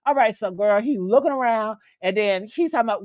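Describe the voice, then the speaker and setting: A woman hosting a stream, telling a story in a chatty, animated way, swearing freely and calling the listener "girl.". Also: on the high side, fairly quick, hardly any pauses, no room sound, highs cut off. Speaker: host. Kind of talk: casual storytelling on a live stream.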